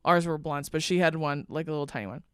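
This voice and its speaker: A young woman co-hosting a podcast, telling a story in an animated way, laughing often and swearing casually. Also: sits low, fast talker, clean tone, no room sound, clean studio sound. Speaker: podcast co-host. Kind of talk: casual chat.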